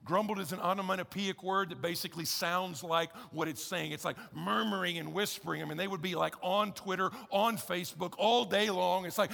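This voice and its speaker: A man's voice: high voice, brisk, creaky, few pauses, sharp tone. A man preaching a sermon as pastor, conversational and emphatic, repeating key phrases with wry humor. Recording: echoey church hall.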